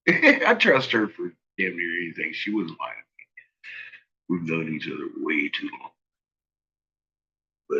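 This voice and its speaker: A man with a husky, bright voice tells a rambling personal story, swearing constantly and laughing between lines. His pitch sits a little high and jumps around a lot. The recording is muffled and lo-fi. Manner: profane, laughs often while telling. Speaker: vlogger.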